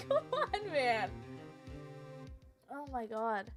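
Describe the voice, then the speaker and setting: A woman's voice: high voice, wildly swooping pitch, very slow, over music. A woman streamer giving casual commentary on a game, laughing constantly and reacting with animation.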